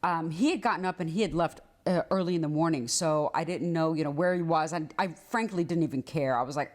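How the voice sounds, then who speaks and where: A woman, a trial lawyer, telling a personal story in a casual, conversational monologue. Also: fairly quick. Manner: animated, acts out dialogue with big pitch swings; conversational, many fillers like "like" and "right".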